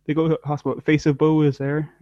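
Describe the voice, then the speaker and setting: A man's voice: a little high, little pitch movement, fast, dry recording. A man co-hosting a casual chat, rambling dryly with lots of fillers and trailing off. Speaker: podcast co-host. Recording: dry, dull lo-fi mic.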